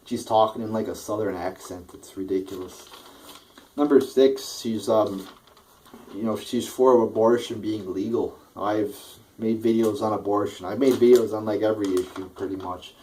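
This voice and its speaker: A man's voice: fairly low pitch, fairly even intonation, moderate pace, mellow, slight background noise, poor audio. A man delivering a blunt, profane political rant, rambling with many restarts. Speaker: political vlogger.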